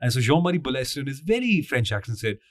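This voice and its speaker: A man's voice: medium pitch, sing-song, fast talker, no room sound, studio quality. A man co-hosting a podcast, playful and teasing, talking straight to the listeners. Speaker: podcast co-host. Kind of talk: casual podcast chat.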